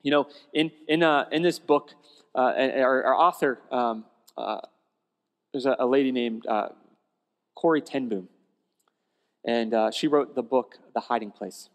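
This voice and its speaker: A male pastor preaching a sermon in a conversational, animated storytelling way, often restarting phrases, in a church sanctuary. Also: medium pitch, measured pace, pauses often. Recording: long church hall reverb.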